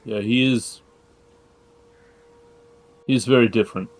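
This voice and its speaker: A man's voice: mid-range voice, measured pace. A man playing a tabletop game, talking casually and joking. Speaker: player.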